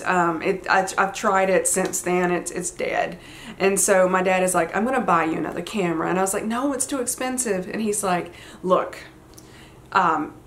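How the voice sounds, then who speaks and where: A woman in her forties with a Southern American accent, telling a personal story to her viewers in a casual, chatty way, full of fillers and acted-out quotes. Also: on the low side. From United States. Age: 40s. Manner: chatty, many fillers, retells quotes animatedly. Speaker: vlogger.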